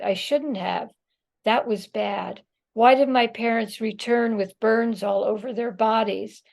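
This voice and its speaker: A woman reads her own writing aloud, slowly and with care. Her voice has a gravelly, creaky edge, and her reading is measured and expressive. She is on a video call. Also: a little high. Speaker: author.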